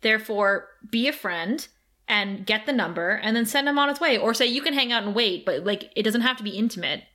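A woman's voice: medium pitch, lively intonation, brisk, bright, forceful tone. A woman co-hosting a podcast, chatting casually through an episode recap, laughing often and acting out lines. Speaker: podcast co-host.

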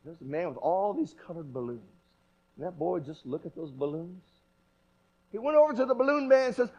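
A man preaching a sermon in a church, animated and emphatic, with repeated rhetorical questions. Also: high voice, a little fast, slightly rough, lo-fi sound.

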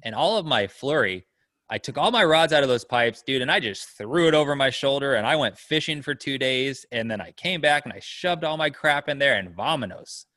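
A man's voice: medium pitch, animated, a little fast, bright, forceful tone, no room sound, clean studio sound. Rambling man telling a story. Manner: loose rambling storytelling with lots of fillers. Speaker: storyteller guest. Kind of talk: casual chat.

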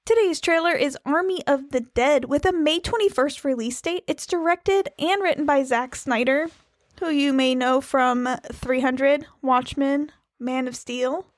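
A woman with a high, bright voice co-hosts a casual podcast chat. She talks in a playful, jokey way, quick to tease. The sound is close and dry, with no room around it. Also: no echo. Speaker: podcast co-host.

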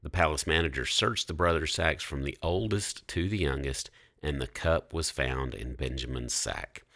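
Relaxed Bible-story host, very deep voice, dry close sound. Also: male voice, no echo. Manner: relaxed storytelling, reads scripture aloud. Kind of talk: casual Bible discussion.

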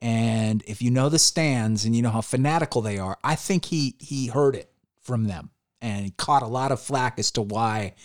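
A man co-hosting a podcast, talking in an animated, opinionated way with lots of "like"s. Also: mid-range voice, normal speed. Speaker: podcast co-host. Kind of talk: casual chat.

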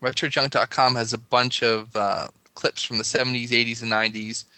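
A man's voice: medium pitch, flat delivery, fairly quick, pushed and bright, smooth, dry recording. A man co-hosting a podcast in casual chat, rambling and laughing as he talks. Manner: chatty, rambling, laughs often. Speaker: podcast co-host.

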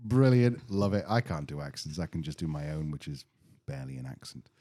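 A man's voice: a bass voice, expressive, fairly quick, mellow. A man co-hosting a podcast, chatting casually with dry, self-mocking banter. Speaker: podcast co-host. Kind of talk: casual chat.

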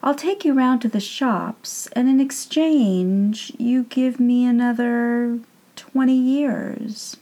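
A woman's voice: takes it slowly, warm tone. A woman reading aloud and voicing a calculating man with a cheeky, scornful manner. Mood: scheming. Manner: cheeky, scornful, a bit higher voice.

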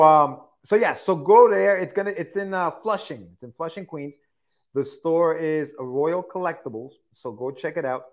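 A man co-hosting a podcast, talking in a laid-back, joking way. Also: medium pitch. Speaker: podcast co-host. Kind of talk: casual chat.

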